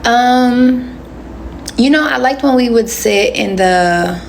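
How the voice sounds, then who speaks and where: Chatting into her phone on a casual livestream, a woman in her twenties responds to comments with slangy asides. Her voice sits on the high side, slow and gravelly, over slight background noise.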